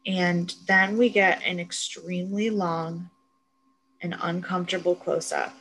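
A young woman co-hosting a podcast, retelling a TV episode in casual, animated chat with plenty of swearing. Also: lowish voice, a little hiss or hum, poor audio. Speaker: podcast co-host.

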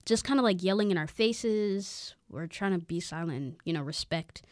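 A young adult woman co-hosting a podcast, telling a story in casual chat, animated and full of "like", acting out what people said. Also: medium pitch, a little slow, no echo, studio quality. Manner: animated, chatty, full of "like" and acted-out quotes. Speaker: podcast co-host.

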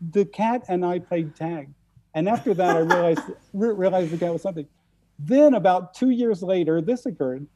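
A man from the central United States, a guest telling stories in conversation, halting and often repeating his words. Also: high voice, mellow, dull audio. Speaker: guest speaker. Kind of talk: storytelling in conversation.

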